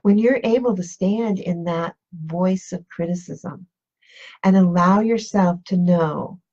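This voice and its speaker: A woman coach talks to her live-stream viewers in an unhurried, reflective way, circling back to the same questions. Her voice is husky and a little breathy. The audio is dull and lo-fi. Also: lowish voice, darkish tone. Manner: slow, reflective, repeats questions. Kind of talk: motivational live-stream talk.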